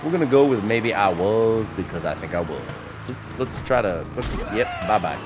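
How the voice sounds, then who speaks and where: Lively jokey male game streamer. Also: lowish voice, normal speed, over music. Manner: chatty, jokey, self-mocking. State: playing a tipsy character. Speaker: gaming streamer. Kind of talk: casual gameplay commentary.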